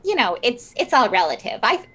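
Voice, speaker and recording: A woman playing a tabletop game over a call, playful in character. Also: sits high. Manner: lively and playful, drawn-out. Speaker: player. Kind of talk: tabletop role-play over a video call.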